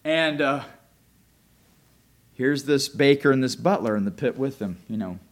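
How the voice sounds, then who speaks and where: A man preaching a sermon as a pastor, telling a story in an animated, conversational way. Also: mid-range voice, a little slow. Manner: animated, conversational, often restarts.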